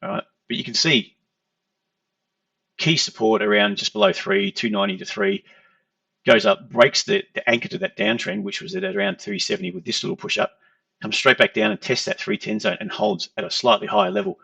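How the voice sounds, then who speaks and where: A man's voice: sits high, sing-song, fairly quick, vocal fry, pushed and bright, no echo. A man walking through trading charts in a conversational lesson, often checking in with "okay". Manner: explanatory, conversational, repeats "okay". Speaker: trading educator. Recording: dull lo-fi, distant from mic.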